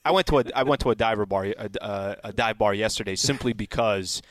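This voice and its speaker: A man co-hosting a sports radio show, joking in a mock-serious, deadpan way. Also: on the low side, fairly quick, no room sound. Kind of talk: sports talk banter.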